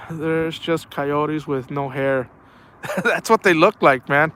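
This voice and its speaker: Speaking slowly in a slightly high, bright and forceful voice, an outdoors streamer chats while fishing near water at night. The live stream has a little hiss or hum, and he rambles through anecdotes, leaning heavily on "man" and "bro."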